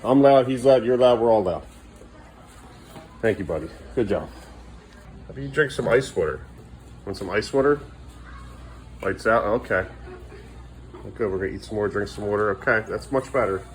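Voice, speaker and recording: A man's voice: fairly low pitch, normal speed, long pauses, a little hiss or hum. A middle-aged man vlogging at home as a father, coaxing and scolding his kids in casual talk.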